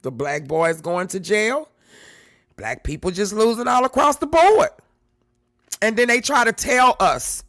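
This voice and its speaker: A man's voice: extremely high pitch, normal speed, bright, forceful tone, no echo, studio quality. A man hosting a live stream, talking to his chat in an emphatic way, repeating lines and swearing freely. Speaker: livestream host.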